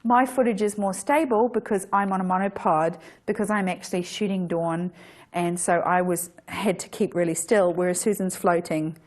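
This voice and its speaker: A woman's voice: lowish voice, steady tone, normal speed, darkish tone. A woman photographer giving a casual workshop talk, chatty, with frequent restarts and self-corrections.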